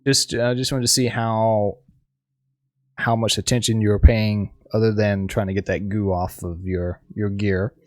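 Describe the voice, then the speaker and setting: A man running a tabletop game as game master, narrating haltingly with frequent restarts and searching for words. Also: on the low side, flat delivery, dry recording, studio quality.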